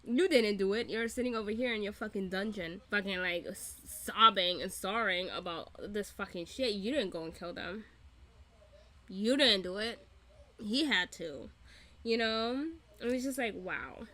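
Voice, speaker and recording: A woman's voice: mid-range voice, measured pace, pushed and bright. A woman host giving a casual, profane, laughing recap of a TV episode. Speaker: reaction channel host.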